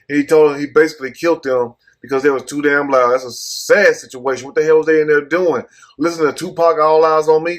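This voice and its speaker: A man giving blunt, profane casual commentary while reading out a news story. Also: a little high. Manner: blunt, cussing, rhetorical asides. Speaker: commentary host.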